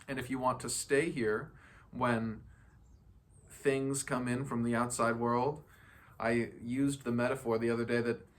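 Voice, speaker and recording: A spiritual self-help speaker gives a casual, playful motivational talk about feeling good, laughing often and imitating other people's voices. His voice is mid-range, with a little hiss or hum in the audio.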